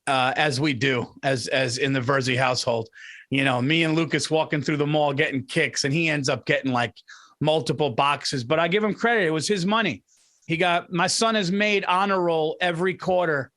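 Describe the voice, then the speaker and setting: High-voiced, rambling guy saying "dude". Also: moderate pace, a bit bright. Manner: rambling storytelling with repeated "he goes" and "dude". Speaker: podcast co-host. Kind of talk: casual chat.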